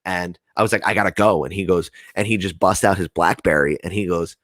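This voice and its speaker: With a deep, low voice, a young man from New Jersey rambles through a story in casual conversation, performing others' lines and swearing liberally. He moves briskly, and the sound is close and dry with no surrounding room.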